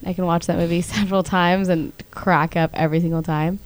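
A woman's voice: fairly low pitch, fairly even intonation, a little fast. A young woman chatting as a guest, bubbly and gushing, often giggling. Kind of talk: casual chat.

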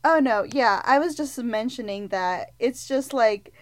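A woman co-hosting a film podcast, gushing and animated as she retells scenes. She fills her talk with "like" and speaks in a fairly high voice. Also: unhurried. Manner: gushing and animated, many "like" fillers. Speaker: podcast co-host. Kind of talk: casual film review chat.

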